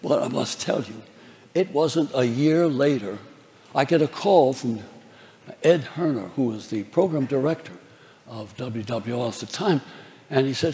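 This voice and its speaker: A man's voice: medium pitch, lively intonation, measured pace, mellow. An older man on stage telling a live audience chatty, laughing anecdotes about his career, acting out the voices of the people he quotes. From New Orleans, Louisiana. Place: large theater. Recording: reverberant theater hall.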